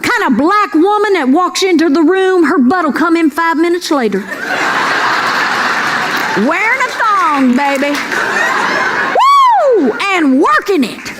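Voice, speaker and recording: A woman's voice: extremely high pitch, animated, a little slow. A woman comedian doing a brash, folksy stand-up routine on a club stage. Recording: live club with crowd laughter and noise. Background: audience laughter.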